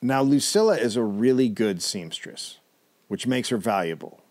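A man's voice: medium pitch, lively intonation, moderate pace, a little mellow. A man co-hosting a comedy podcast, telling a history story casually with wry asides and the odd swear.

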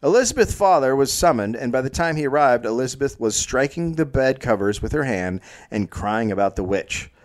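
A man's voice: medium pitch, a little fast, few pauses. Man telling history with jokey asides. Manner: deadpan narration with jokey asides. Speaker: podcast host and storyteller. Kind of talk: comedic history storytelling.

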